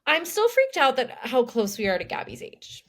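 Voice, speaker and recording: A woman's voice: high-pitched, huge pitch swings, a bit bright. A young woman co-hosting a podcast, chatting loosely about a TV show and filling her talk with "like". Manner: chatty, full of "like" and quick restarts. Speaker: podcast co-host. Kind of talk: casual chat recapping a TV show.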